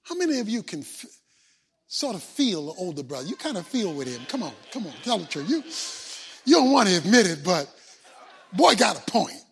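Husky-voiced high-pitched male preacher. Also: very animated, fairly quick, fairly bright tone, faint music behind. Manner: emphatic, repetitive, call-and-response. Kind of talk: sermon.

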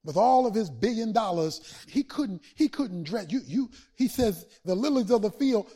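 A man a sermon to his congregation, building from steady talk to shouted peaks and back down. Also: sits high, slightly rough. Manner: preaching with swells to shouts and dramatic pauses. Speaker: pastor.

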